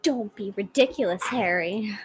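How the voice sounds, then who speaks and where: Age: teen. Figure: brash troll girl, read by a woman. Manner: boastful, lively pitch. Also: moderate pace, faint music behind, lightly acted. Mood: smug. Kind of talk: casual fan read-along of a web comic.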